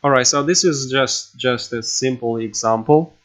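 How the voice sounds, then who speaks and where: A man with a mid-range voice records a casual coding tutorial at his computer indoors, capturing his screen as he talks. His delivery is halting, full of restarts and fillers like "you know" and "um." A desktop mic gives the recording a dull, lo-fi sound.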